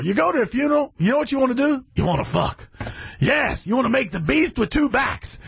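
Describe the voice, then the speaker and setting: A man's voice: very high voice, sing-song, a little fast, creaky, breathy edge. Brash, profane man ranting on the radio. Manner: brash, profane, shouting bursts. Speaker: satellite radio host.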